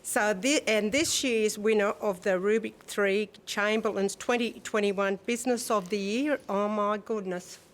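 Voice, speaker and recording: A woman's voice: mid-range voice, normal speed, hardly any pauses, a little hiss or hum. A woman presenting an award, heartfelt and blessing the audience, stumbling over the winners' names.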